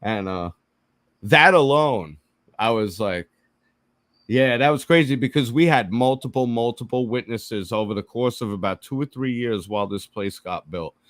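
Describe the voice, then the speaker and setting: Profane animated male storyteller. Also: mid-range voice, moderate pace, no echo. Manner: profane, animated, acts out quotes. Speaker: podcast co-host. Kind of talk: casual storytelling.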